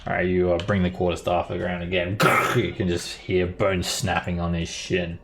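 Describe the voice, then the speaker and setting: A man narrating as game master in a tabletop game, relaxed and halting with fillers. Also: deep voice, gravelly, faint music behind.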